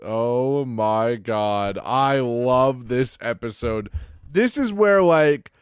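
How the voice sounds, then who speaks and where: A young man co-hosting a casual chat, excitable and swearing, acting out characters' lines as he recaps. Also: medium pitch, drawn-out words, clean tone, no echo, studio quality. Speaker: podcast co-host.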